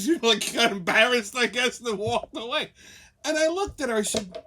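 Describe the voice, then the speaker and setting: Forceful, profane male storyteller. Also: extremely high pitch, moderate pace, slight background noise. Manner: profane, rambling, animated. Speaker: show host. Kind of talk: comic storytelling rant.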